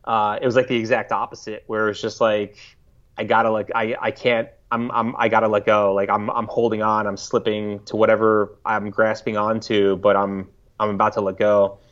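Low-voiced man, halting reflective storytelling. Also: level tone, a bit bright. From United States. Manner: halting, reflective, frequent restarts. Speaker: podcast guest. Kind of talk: casual interview storytelling. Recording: slightly dull lo-fi audio.

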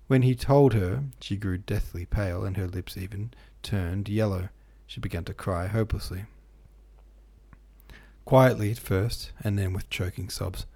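A man reading a classic novel aloud in a steady, measured way, with the odd small slip. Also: on the low side, slightly rough. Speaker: audiobook narrator.

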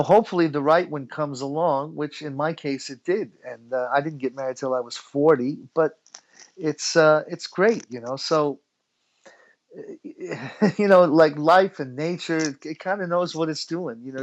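A man's voice: a little high, normal speed, muffled recording. A middle-aged man from the United States telling stories as an interview guest, chatty and laughing often. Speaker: guest musician. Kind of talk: relaxed storytelling interview.

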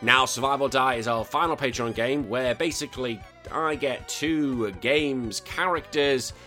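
A man's voice: mid-range voice, measured pace, music in the background. A man hosting a retro gaming podcast, chatting casually and joking with plenty of swearing as he reads out listener comments. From United Kingdom. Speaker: podcast host.

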